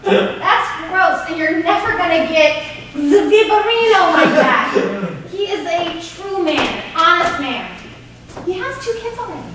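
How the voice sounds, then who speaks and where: High-voiced and bossy, this is a scheming sister, played by a woman in a live improv scene. She scolds and pushes, her lines ringing through an echoey theater. The sound comes from far off, with a noisy hiss behind it. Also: expressive, a little slow. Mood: exasperated. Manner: scolding, pushy, bursts into shrill outbursts. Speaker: improv performer. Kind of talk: improvised stage comedy scene. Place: small theater stage. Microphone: distant room mic.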